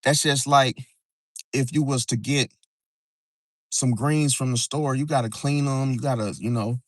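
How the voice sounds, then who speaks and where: Speaking a little slowly in a steady mid-range voice with no room sound, a man runs a casual astrology live stream near a parking area outside. He repeats himself, frequently says "see?" and "bro," and at times lowers to a whisper.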